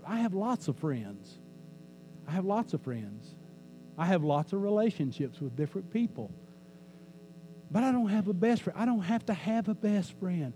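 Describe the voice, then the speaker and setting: A pastor preaching a conversational sermon in a church, joking with the congregation and repeating phrases for emphasis. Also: male voice, high-pitched, mellow, rough recording. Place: church sanctuary. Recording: faint mains hum.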